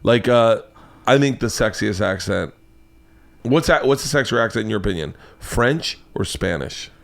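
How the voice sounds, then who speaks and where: A man hosting a podcast, chatting casually in an excitable, crude and eager way. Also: on the low side, moderate pace, creaky. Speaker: podcast host. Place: podcast studio.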